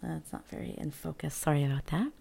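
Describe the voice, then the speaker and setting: A woman speaking softly and often in a whisper in a gentle ASMR show-and-tell, close to the mic, thinking aloud with hesitant fillers. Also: low voice, gravelly, slightly rough. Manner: whispered and hushed, slow and gentle. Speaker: vlogger.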